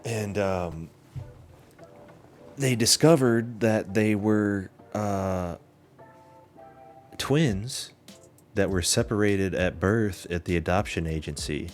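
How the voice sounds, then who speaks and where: A man's voice: lowish voice, slow pace, pauses often, soft background music. A man hosting a podcast, telling a long story in a loose, rambling way with lots of fillers and swearing. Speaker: podcast host. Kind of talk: casual chat.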